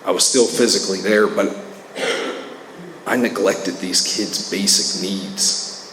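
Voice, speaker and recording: A man's voice: deep voice, fairly even intonation, slow pace. A man speaking at a recovery meeting, sharing a candid, earnest personal testimony full of casual fillers. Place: meeting hall. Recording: echoey hall with faint noise.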